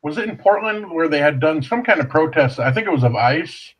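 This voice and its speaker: A man's voice: a little high, animated, fairly quick, a loud crowd, low-quality recording. A man co-hosting a podcast, talking laid-back with dry remarks in casual chat. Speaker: podcast co-host.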